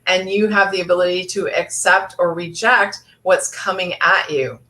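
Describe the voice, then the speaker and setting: A woman's voice: lowish voice, steady tone, moderate pace, pushed and bright. A woman life coach giving an earnest motivational talk, with many fillers and restarts.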